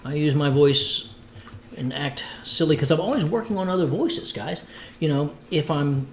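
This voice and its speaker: A man's voice: on the high side, normal speed, roomy sound, slight background noise, rough recording. A man, a voice actor, chatting playfully with viewers while cooking on a livestream. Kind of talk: casual cooking livestream chat.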